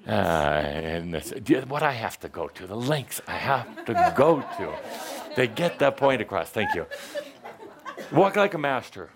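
To a live group, amid crowd noise, a spiritual teacher gives a playful talk in a fairly low voice with big pitch swings, unhurried in pace. He's theatrical, teasing the listeners and performing little voices.

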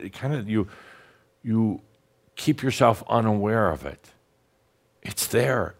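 Blunt, teasing man giving spiritual talk. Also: fairly low pitch. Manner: blunt, teasing, slows down for guided breathing pauses. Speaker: spiritual teacher channeling a master. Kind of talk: channeled spiritual talk to an audience.

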